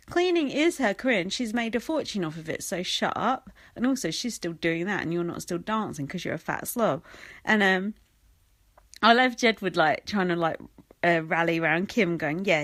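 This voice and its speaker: A young woman with an English accent talks through her podcast in a blunt, sarcastic rant. Her pitch rises and falls a lot as she mocks people in put-on voices. The sound is close and dry, with no room around it. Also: a bit bright, no room sound. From England. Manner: chatty, sarcastic, blunt and swearing, with mocking quoted voices. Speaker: podcast host. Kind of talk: casual solo podcast rant.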